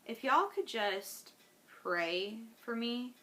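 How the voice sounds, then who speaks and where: Woman vlogging to camera, bright clear voice, earnest n heartfelt, lots of likes and ums. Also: a little high, expressive, slow. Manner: earnest, heartfelt, rambling with fillers. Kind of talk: personal video diary.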